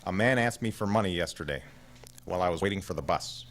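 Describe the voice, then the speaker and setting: A man's voice: low-pitched, expressive, fast, fairly bright tone. A man doing a fretful elderly grandmother. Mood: anxious. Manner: anxious, insistent.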